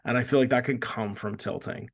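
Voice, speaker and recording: A man from Canada co-hosting a casual gaming podcast, animated and laughing often as he acts out quoted lines. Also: mid-range voice, fairly quick, creaky. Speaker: podcast co-host.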